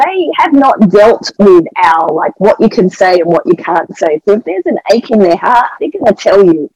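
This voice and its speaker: A woman's voice: mid-range voice, moderate pace, husky, dry recording, dull audio. Earnest Australian woman telling a story. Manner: earnest, emotional, animated retelling. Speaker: pastor's wife and evangelist. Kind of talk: testimony storytelling on a podcast.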